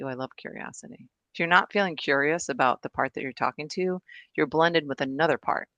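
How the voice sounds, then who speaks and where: A woman's voice: low voice, brisk, a bit bright, dry recording. A woman presenting and discussing on a video call, chatty and enthusiastic, laughing often. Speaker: guest presenter.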